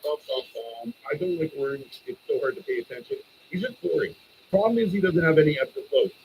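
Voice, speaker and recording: Animated man ranting about wrestling. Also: brisk, gravelly, slight background noise, poor audio. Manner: animated, swings up into high excited bursts while ranting; profane and opinionated. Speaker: wrestling stream host. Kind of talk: casual live-stream show review.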